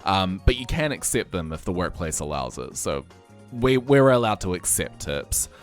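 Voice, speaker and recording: A young man from New Zealand with a New Zealand accent, a streamer telling stories in casual chat, laughing often and jumping up in pitch when excited. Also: moderate pace. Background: faint music.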